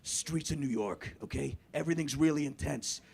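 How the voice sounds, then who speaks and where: A man from Canada doing animated, sweary stand-up comedy in a club. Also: fairly high pitch, normal speed, gravelly, slightly rough. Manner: animated, swearing, laughing with the crowd. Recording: live club recording with background noise.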